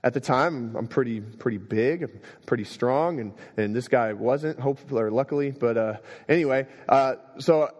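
A young adult man preaching a sermon, telling stories and swinging between quiet moments and emphatic ones. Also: mid-range voice, moderate pace. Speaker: pastor. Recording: long reverb of a hall.

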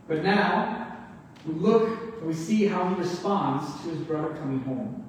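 A man's voice: sits high, a little mellow, slight background noise. Man preaching in an echoey hall. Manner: earnest, expository, asks rhetorical questions. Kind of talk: sermon. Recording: echoey hall, mic far off.

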